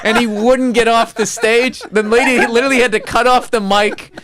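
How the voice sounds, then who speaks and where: A male comedian telling a story in casual chat, excited and profane, laughing as he goes. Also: very high-pitched, normal speed, a crowd in the background. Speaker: comedian guest.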